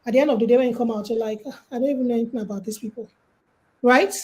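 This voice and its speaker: Nigerian woman, high voice, casual advice talk, lively storyteller. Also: very fast, poor audio. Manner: lively, storytelling with acted-out quotes. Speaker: guest speaker.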